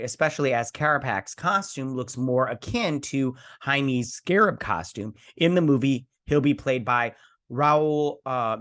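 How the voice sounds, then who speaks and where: A chatty man hosts a casual reaction commentary. He reads an article aloud and keeps breaking off into rambling asides. His voice sits at an ordinary middle pitch for a man. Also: a bit bright. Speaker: host.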